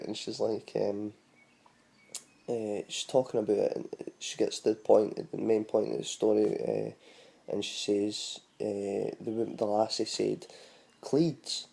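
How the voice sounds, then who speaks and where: Gravelly low-voiced Scottish man. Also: level tone, measured pace, dark tone. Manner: chatty and rambling, spells words out letter by letter. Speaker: vlogger teaching Scottish words. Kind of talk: casual spoken explainer.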